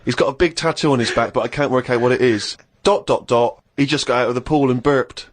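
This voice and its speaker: A man co-hosting a comedy chat show, reading a diary aloud in a deadpan way. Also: mid-range voice, brisk, a little hiss or hum. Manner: deadpan reading, breaking into laughter.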